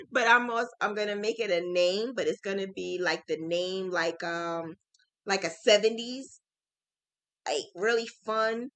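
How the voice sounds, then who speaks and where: A woman who chats to her viewers in a gushing, excitable way. Her voice sits a little high and sounds bright and forceful. It is recorded dry and close, with no room around it. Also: no echo, low-quality recording. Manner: chatty and excitable, lots of "like" and "oh my God". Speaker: crochet vlogger. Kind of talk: casual chat to viewers.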